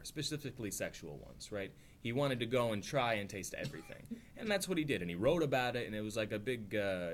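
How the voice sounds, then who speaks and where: Male study-class teacher, lowish voice, chatty, animated quotes, faint noise underneath. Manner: conversational, acts out quotes with rising voice, frequent "right?". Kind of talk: informal religious teaching.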